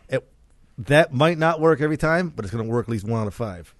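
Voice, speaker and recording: A man's voice: mid-range voice, expressive, a little fast, no room sound. Crude joking man, dry close mic. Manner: crude, joking, swears freely. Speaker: podcast co-host. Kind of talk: casual chat.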